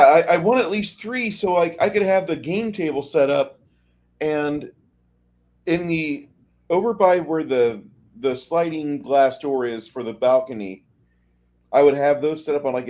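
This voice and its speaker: A man's voice: fairly high pitch, darkish tone. A man chatting casually on a livestream, rambling with lots of filler words.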